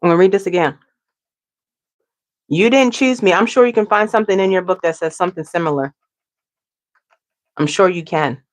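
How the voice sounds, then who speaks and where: A woman's voice: on the low side, moderate pace, long pauses. A woman giving a casual tarot reading to her viewers, chatty and repetitive, often asking "okay?". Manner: chatty, tags lines with "okay?", repeats herself. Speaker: tarot reader.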